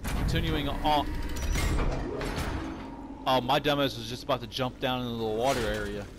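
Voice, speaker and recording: A young man narrating a video game in a loose, joking way, swearing freely as he plays. He talks around a cough drop in his mouth, and clear game ambience hums behind his voice. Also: medium pitch, fairly even intonation, moderate pace, noisy background. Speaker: gaming channel host. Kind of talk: casual let's-play commentary.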